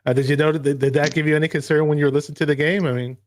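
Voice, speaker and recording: A man hosting a live sports reaction show, recapping a game in an excited, rambling way. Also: a little high, rapid-fire. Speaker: podcast host.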